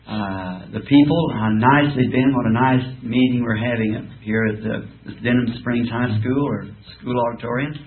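A man preaching in a school auditorium, telling folksy stories and chuckling through his rambling asides. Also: medium pitch. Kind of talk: folksy sermon with jokes. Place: school auditorium, live audience. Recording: tinny lo-fi old tape with hiss.

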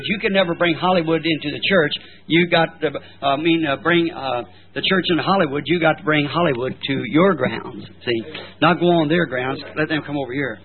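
A middle-aged male pastor preaching a sermon, telling folksy stories and tossing in frequent "See?" asides. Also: a little high. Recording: tinny old archival sermon tape.

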